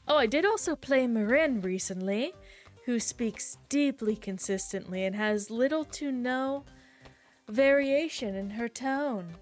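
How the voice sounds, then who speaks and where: A woman's voice: fairly high pitch, a little slow, faint music behind. Chatty woman streaming a game. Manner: chatty, animated, reacts aloud. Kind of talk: casual gameplay chat.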